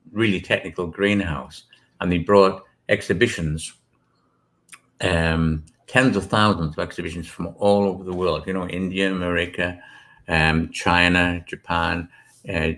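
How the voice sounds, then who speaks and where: A man's voice: low-pitched, fairly even intonation, normal speed, fairly bright tone. A British man, an author guest, chatting casually in an interview, rambling with many restarts and asides.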